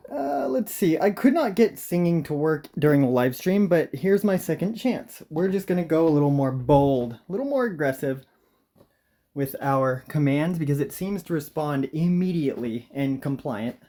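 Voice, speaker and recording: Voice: mid-range voice, expressive, moderate pace, mellow. Casual host reading commands aloud. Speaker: tutorial host. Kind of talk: casual screen-recorded tutorial.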